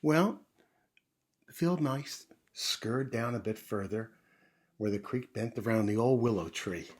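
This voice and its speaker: Gentle man reading a picture book aloud. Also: mid-range voice, a little slow. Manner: gentle, pointing things out to children. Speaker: children's story reader. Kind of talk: storytime read-aloud.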